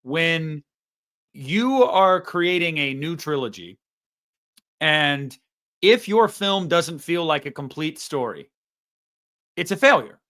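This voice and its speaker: A man's voice: on the high side, animated, slow pace, long pauses, a bit bright. A young man co-hosting a casual film review chat, ranting and swearing in exasperation. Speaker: podcast co-host.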